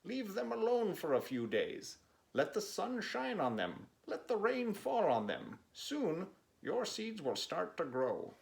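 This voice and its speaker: A man voicing Frog, a cheerful male frog friend in a children's storybook, with a high excited voice. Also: slow pace, creaky, exaggerated voice. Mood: coaxing.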